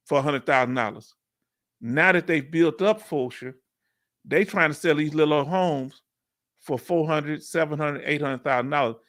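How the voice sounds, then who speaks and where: This veteran livestream Q&A is hosted by a man from Houston, Texas, who has a Southern accent. He reads comments from viewers in an energetic, slangy way, his voice a little high.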